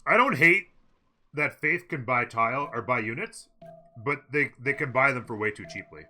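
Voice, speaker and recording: A man giving relaxed, thinking-aloud commentary on a strategy game match during a live stream, talking casually at a desk microphone. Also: mid-range voice, moderate pace.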